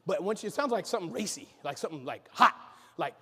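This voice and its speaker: A man giving an energetic conference keynote, joking and bantering with the audience from the stage. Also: high-pitched, fast talker, husky. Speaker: keynote speaker. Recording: echoey hall reverb.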